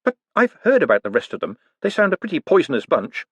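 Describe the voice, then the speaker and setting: A man's voice: wildly swooping pitch, fast, husky, no echo, heavily acted. A man voicing a nervous, flustered young male ex-conman with a raised, agitated voice. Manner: high-pitched, agitated and protesting.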